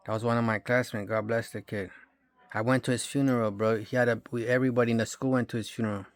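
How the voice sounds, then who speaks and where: A man's voice: medium pitch, fairly even intonation, fast talker. A man in his thirties telling a rambling dream story in slangy, profane street talk. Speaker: vlogger. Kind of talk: casual storytelling monologue.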